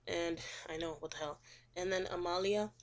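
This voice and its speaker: A woman's voice: lowish voice, fairly even intonation, normal speed. A young woman casually recapping a chapter of a novel, rambling with lots of ums and acting out the characters' lines. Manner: chatty, rambling, full of ums, acts out quotes. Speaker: student summarizing a novel.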